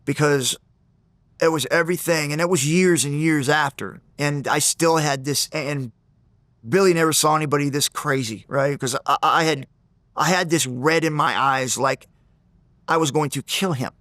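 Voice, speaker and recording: A man being interviewed, telling a story in an animated way, acting out the people in it and often restarting and repeating words. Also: on the high side, normal speed, no echo. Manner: animated, acts out the people in his stories. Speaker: interview guest.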